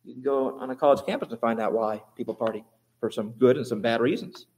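A man preaching a sermon, lively and rhetorical, swinging between quiet asides and emphatic exclamations. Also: mid-range voice, fast talker. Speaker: pastor.

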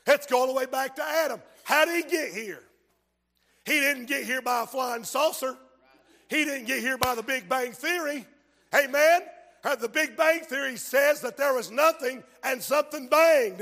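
A male preacher delivers a fiery revival sermon in a very high, ringing voice. He shouts his points and reads old scripture aloud. His voice carries a long reverb through the church sanctuary. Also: normal speed.

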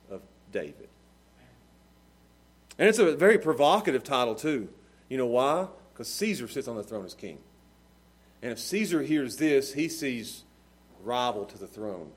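A man preaching a sermon as pastor, moving between hushed, earnest passages and loud, fervent cries. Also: medium pitch, breathy edge. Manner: dynamic preaching, swinging from hushed to shouting.

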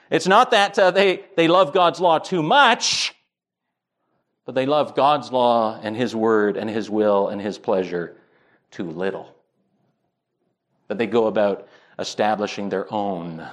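Earnest preaching man, slightly high voice. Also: a bit bright. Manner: earnest preaching, rising emphatic on key points. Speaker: pastor. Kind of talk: sermon.

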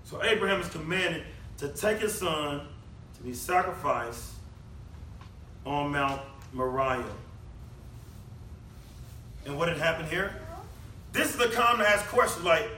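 A high-voiced man preaches a conversational sermon, leaning on rhetorical questions. His tone is bright and ringing. He sounds set back from the mic in an echoey room with faint background hum. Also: expressive, measured pace, pauses often, recorded from a distance. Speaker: pastor.

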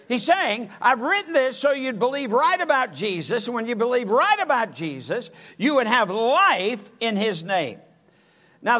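A male preacher delivering a sermon, reading scripture in an emphatic, drawn-out way. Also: sits high, fairly bright tone.

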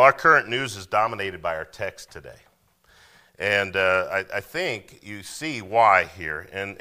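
A man's voice: lowish voice, sharp tone. A man preaching, reading scripture aloud in a raised voice and then explaining it plainly with frequent "okay?" asides. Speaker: pastor.

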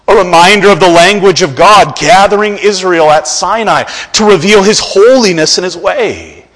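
A man's voice: sits high, fairly bright tone, big-room sound. A man preaching a sermon as pastor, impassioned, his voice climbing when he pleads.

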